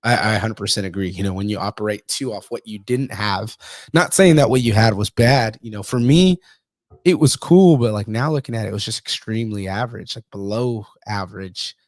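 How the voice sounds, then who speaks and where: A lowish male voice, fairly quick, comes through a clean studio recording without any room sound. The podcast host keeps things casual, trading profanity-laced stories and plenty of laughter.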